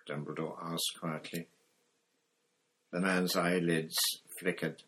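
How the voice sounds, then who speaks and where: A man narrating an audiobook in a measured, even reading style. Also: low voice, husky. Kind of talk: scripted narration.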